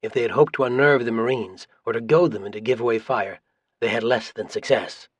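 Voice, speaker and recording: A male narrator reads military history in an even, measured way. His voice sits at a middle pitch. The recording is dry and close, with no room sound. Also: slightly rough, dry recording. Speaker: audiobook narrator. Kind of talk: scripted narration.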